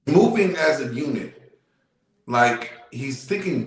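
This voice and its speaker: A man's voice: fairly high pitch, animated, a little slow, fairly bright tone. A man in casual debate as a show guest, talking emphatically and repeating himself as he lays out his point. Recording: very echoey room.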